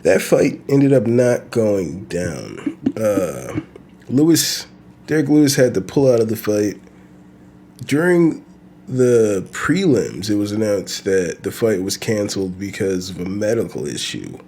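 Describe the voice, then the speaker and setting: A man's voice: on the low side, very animated, unhurried, mellow. A man hosting his own podcast, talking casually and profanely in a loose, rambling way with bursts of laughter. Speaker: podcast host. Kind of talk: casual solo podcast rant.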